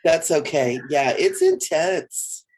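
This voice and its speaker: A woman co-hosting a casual spiritual livestream from home, relaxed and rambling with soft laughs, sounding a little tired. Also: low-pitched, slow pace, slight background noise. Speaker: co-host.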